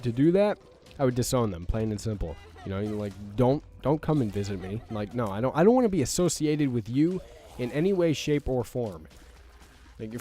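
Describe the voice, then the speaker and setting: A man's voice: mid-range voice, darkish tone. A young man hosting a let's play, ranting in a rambling, exasperated way with stammered restarts and frequent swearing. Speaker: gaming channel host. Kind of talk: let's play commentary rant.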